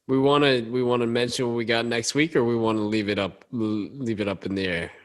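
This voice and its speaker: A man's voice: medium pitch, steady tone, brisk. A man co-hosting a movie podcast in casual chat, easygoing and laughing as he retells scenes. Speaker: podcast co-host.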